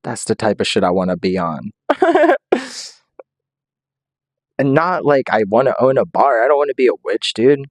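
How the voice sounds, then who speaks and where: A man's voice: mid-range voice, big pitch swings, moderate pace, long pauses, no echo. A man streaming, rambling through a comedic monologue, often laughing and acting out quotes in silly voices.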